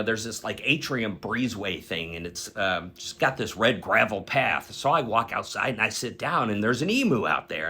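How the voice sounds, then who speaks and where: A man's voice: a little high, breathy edge. A man retelling an absurd dream in a loose, casual way, swearing often and laughing at his own story. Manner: profane, animated, laughs while telling.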